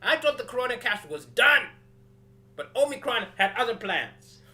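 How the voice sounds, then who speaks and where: A male comedian hosting a live comedy stream from a rented flat, chatting casually, greeting viewers and acting out quotes. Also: very high-pitched, normal speed. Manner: animated, acts out quotes, greets viewers by name. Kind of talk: casual livestream comedy chat.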